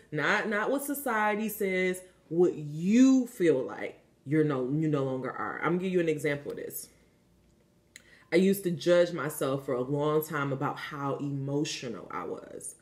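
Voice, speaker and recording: A woman giving a casual spiritual card reading, talking candidly and coaching the listener, with frequent fillers and some swearing. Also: sits low. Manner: chatty and candid, swears freely, many "like" fillers; coaching, asks the listener if they understand. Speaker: spiritual reader.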